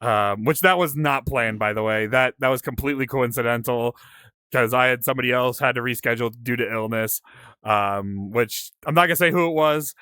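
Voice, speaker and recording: A man's voice: mid-range voice, fairly quick, sharp tone, smooth, dry recording, studio quality. A young man hosting a podcast in casual, laid-back chat, often stumbling over his words. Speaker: podcast host.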